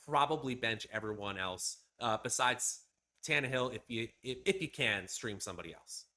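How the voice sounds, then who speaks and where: Bright-voiced male fantasy sports analyst. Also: mid-range voice, lively intonation. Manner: analytical, measured, with fillers like "uh" and "you know". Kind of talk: casual sports analysis chat.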